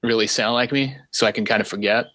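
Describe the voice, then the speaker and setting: A man's voice: fairly low pitch, steady tone, quick pace, pushed and bright, no room sound. A man being interviewed as a guest, chatting casually in an easygoing, self-deprecating way with frequent restarts. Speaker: guest animator. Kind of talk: casual podcast chat.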